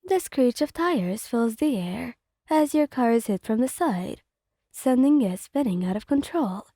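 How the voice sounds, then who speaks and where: A woman storyteller reading a fan fiction story aloud in an even, read-aloud way. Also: fairly high pitch, a little slow, dry recording, studio quality.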